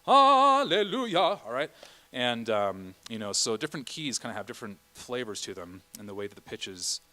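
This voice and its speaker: A man's voice: on the low side, fairly quick, bright, forceful tone. A middle-aged man directing a choir rehearsal in a church, chatty, often singing vowel and Latin examples.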